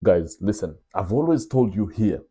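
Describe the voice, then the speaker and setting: A young man tells a story to his audience in an animated, confiding way, calling them brothers. His voice is low and dark, with a husky edge. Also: normal speed. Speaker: vlog host. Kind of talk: casual storytelling monologue.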